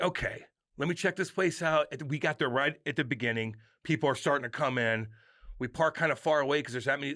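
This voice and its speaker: A man in his thirties from the St. Louis area, co-hosting a podcast and telling an animated story full of swearing and acted-out yells. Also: medium pitch, no room sound, studio quality. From St. Louis area, USA. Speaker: podcast co-host. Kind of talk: casual podcast chat.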